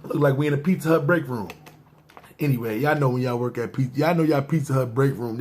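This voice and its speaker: A man's voice: mid-range voice, expressive, a little fast, slight background noise. A man, telling a personal story in slangy, casual talk and often checking "see what I'm saying". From New York. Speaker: podcast storyteller.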